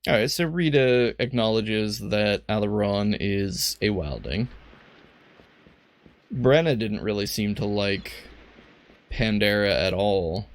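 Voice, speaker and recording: A man with a lowish, animated voice speaks slowly while playing a game, offering playful, self-mocking commentary. He's a let's play gamer doing casual gameplay talk.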